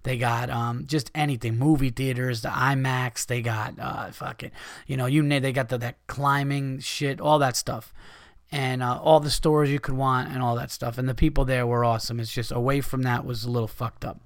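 A man with an everyday middle pitch, telling a story with lots of swearing. He acts out the people in it. The sound is dry and close, with no room echo. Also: fairly even intonation, moderate pace. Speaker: comedian and podcast host. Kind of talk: casual storytelling monologue.

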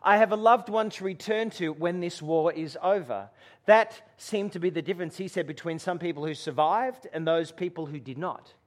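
A man preaching a sermon to a gathering, telling a story and dropping to a hush for dramatic moments. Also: fairly high pitch, moderate pace. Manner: storytelling with dramatic hushed drops. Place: room with a gathering.

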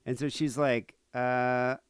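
A male podcast co-host in a loose, wandering chat. He stops and restarts often and fills the gaps with "uh" and "you know". His voice sits at a middling pitch and is recorded very dry and close. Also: expressive, normal speed, dry recording. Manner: rambling, heavy with "uh" and "you know". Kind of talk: casual storytelling chat.

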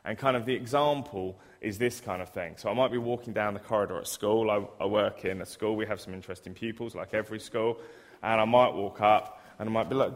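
A man's voice: fairly low pitch, fast. A man giving a sermon in a church, chatty and self-deprecating, acting out everyday scenes as examples. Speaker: preacher who works in a school. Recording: reverberant church hall.

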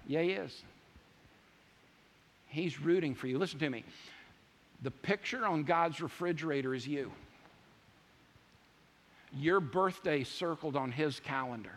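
A man preaching a sermon, emphatic and repetitive, swinging from loud declarations to hushed asides. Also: a little high, unhurried, long pauses. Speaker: pastor. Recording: long hall reverb.

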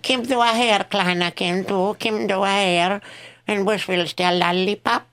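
A man's voice: sits high, steady tone, a little slow, bright, forceful tone, clean tone, voice pushed up, exaggerated voice. A man voicing a pushy old Romanian grandmother who coaxes in heavy Yiddish-German phrasing. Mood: coaxing.

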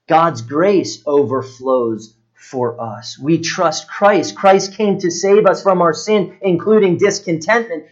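A pastor delivers his sermon in a slightly raised, earnest voice. He often lets his words sink low and soft on the weighty points. The recording sounds muffled and lo-fi.

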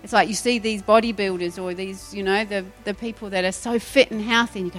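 A woman's voice: mid-range voice, fairly quick, faint music behind. A woman preaching a sermon, firing rhetorical questions and acting out voices. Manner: animated, rhetorical questions, acts out quoted voices.

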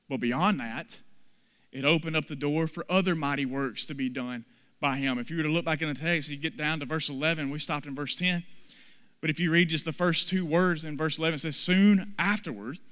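A man preaching a sermon, dramatically acting out the people in the story with sudden loud and soft swings. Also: fairly high pitch, clear, resonant tone, long reverb tail. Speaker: pastor.

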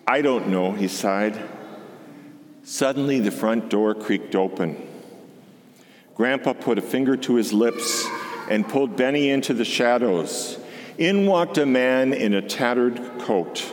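A man, a deacon, reads a storybook aloud in an expressive, unhurried way. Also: mid-range voice. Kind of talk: storybook reading. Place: church. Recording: long church reverb.

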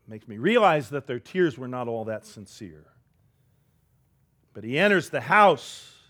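A man's voice: mid-range voice, sing-song, measured pace. A man preaching a sermon as pastor, telling the story dramatically and drawing the congregation in. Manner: dramatic storytelling, drops to a hush for quoted words; leads the congregation in call-and-response.

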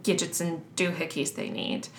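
A woman's voice: fairly low pitch, flat delivery, normal speed. Chatty woman in a roomy room. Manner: loose, chatty explaining with fillers. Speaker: podcast co-host. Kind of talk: casual history chat. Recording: roomy echo.

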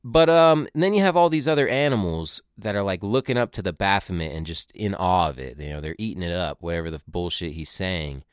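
Deep-voiced man in a profane rambling monologue. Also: animated, fairly quick, few pauses, clear, resonant tone, no echo, studio quality. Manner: rambling, profane, conspiratorial asides. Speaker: podcaster recounting a tour. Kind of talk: casual monologue.

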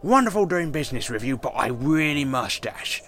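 A man's voice: a little high, sing-song, moderate pace, a bit bright. A man doing a smarmy genteel duck doctor. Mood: ingratiating. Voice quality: genteel, polite, slippery. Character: smarmy, fussy male duck doctor and businessman.

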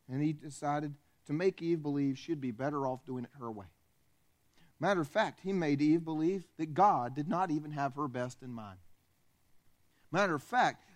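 Fairly high-voiced male pastor preaching. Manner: storytelling, addresses the congregation directly. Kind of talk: sermon. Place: church.

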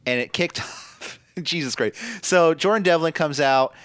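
A man's voice: fairly high pitch, unhurried, a bit bright, clean tone, no echo. A man hosting a casual wrestling podcast, recapping matches in a profane, laughing, storytelling way. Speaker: podcast host.

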